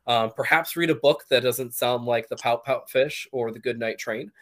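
A man's voice: mid-range voice, moderate pace. A man as a podcast guest, answering interview questions with many fillers and restarts. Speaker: podcast guest, college leader.

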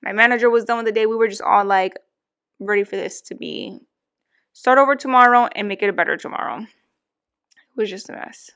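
A woman's voice: mid-range voice, brisk, pauses often, fairly bright tone, clean tone. A young woman co-hosting a podcast, venting bluntly in casual chat and swearing freely. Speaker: podcast co-host.

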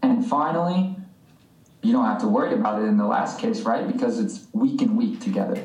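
A man's voice: on the low side, lively intonation, a little fast, darkish tone, dull audio. A man co-hosting a language podcast, teaching in a casual, jokey, slangy way. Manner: jokey, laid-back, slangy. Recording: echoey room, distant mic.

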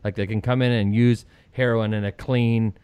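A man's voice: lowish voice, moderate pace, clear, resonant tone, dry recording. A middle-aged man hosting an opinionated political talk show, telling stories sarcastically and mocking the people he quotes. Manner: sarcastic, lively storytelling with mocking quoted voices. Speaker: radio talk show host.

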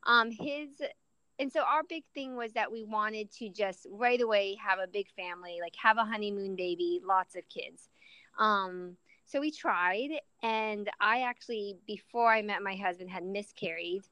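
A woman's voice: mid-range voice, measured pace, sharp tone, clean tone, dry recording, low-quality recording. A woman in her thirties with a mixed Southern and Midwestern accent, chatting as an interview guest and laughing easily. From southern US, Florida. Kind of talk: casual interview.

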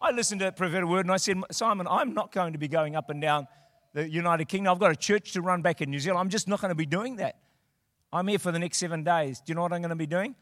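A man preaching a sermon as a pastor, swinging from quiet storytelling to shouted declarations. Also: sits high, fast, dry recording, clean studio sound.

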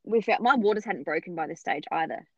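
A woman tells a story in a casual, animated way, acting out other people's lines as she goes. The room is dry and close. The sound is slightly dull and muffled. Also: lowish voice, quick pace, slightly rough, dry recording. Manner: chatty, animated, acts out others' voices. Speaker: podcast guest telling her birth story.

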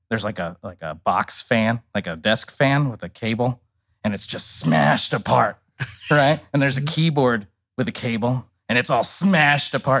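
A man telling a wild story on a podcast in casual, profane talk, acting out what people said. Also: mid-range voice. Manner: animated, profane storytelling with acted-out quotes. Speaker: podcast guest.

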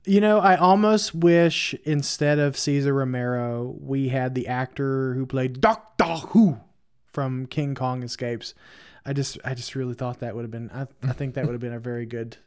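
A man's voice: medium pitch, normal speed, darkish tone, smooth. A man co-hosting a movie podcast, rambling and hesitant, with jokey asides. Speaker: podcast co-host. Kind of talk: casual movie review chat.

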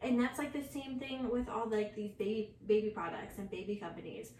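A woman's voice: medium pitch, animated, a little fast, dark tone. A young woman and mother chatting casually and confidingly, with many fillers. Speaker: mom and podcast co-host. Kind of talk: casual chat. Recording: echoey room, far from mic, faint hiss.

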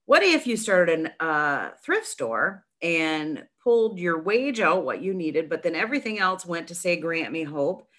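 A middle-aged woman telling a long story in a casual interview, chatty and animated, with many restarts. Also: lowish voice, a little slow, few pauses. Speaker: nonprofit founder, guest.

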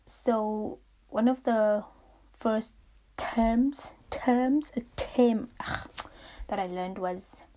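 A young adult woman hosting a reflective solo podcast, rambling through her thoughts, searching for words and growing animated as she recounts stories. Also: on the high side, drawn-out words, noisy background. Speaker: podcast host.

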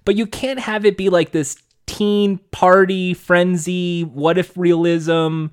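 A man with a somewhat high voice rants in casual podcast chat, animated and quick to swear. He talks fast and keeps going once he gets worked up. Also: clean tone. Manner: animated, ranting, swears freely. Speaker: podcast co-host.

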